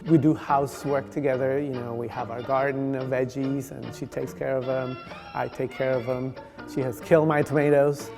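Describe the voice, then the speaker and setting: A man, a ballet director, speaking in an unhurried and amused way in a documentary interview. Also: mid-range voice, little pitch movement. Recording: music bed underneath.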